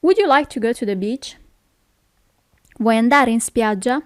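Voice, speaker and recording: A woman's voice: on the high side, lively intonation, moderate pace, pauses often, no room sound, clean studio sound. A woman from Italy with an Italian accent, teaching a language lesson, who explains things patiently and keeps checking in with "okay?".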